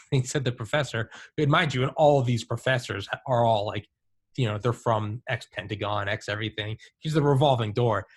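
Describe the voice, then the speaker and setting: This podcast host, a thirtysomething man, talks at a moderate pace in a medium-pitched voice. Chatting casually, he spins animated stories loaded with "dude" and "like."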